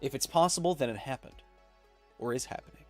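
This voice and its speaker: In a relaxed live stream, a man in his thirties reads out viewer comments and tosses in quick jokes after each one. His mid-range voice has a darkish tone, and he's hit by repeated coughing fits. Faint music plays behind him.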